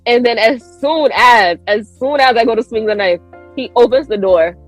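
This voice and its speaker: A woman guest on a podcast telling a story in an animated way. She acts out her own lines with big jumps in pitch and laughs often. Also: moderate pace, faint music behind, low-quality recording.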